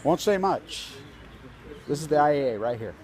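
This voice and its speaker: A man's voice: fairly high pitch, animated, moderate pace, darkish tone. A man filming himself at a street protest, talking in a rambling, agitated, conspiratorial way into a handheld camera outdoors. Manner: agitated, conspiratorial, tells stories with quoted dialogue. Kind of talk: self-filmed protest vlog, rambling commentary. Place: outdoors on a street outside an office building.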